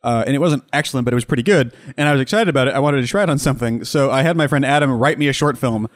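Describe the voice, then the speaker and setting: A man co-hosting a casual film commentary, joking and drifting into technical tangents. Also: mid-range voice. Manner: quick, joking, tangents into visual effects talk. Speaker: podcast co-host.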